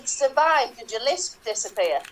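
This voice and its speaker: High-voiced woman arguing in improv. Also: expressive, measured pace, far from the mic, low-quality recording. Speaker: improv player. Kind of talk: improvised comic debate.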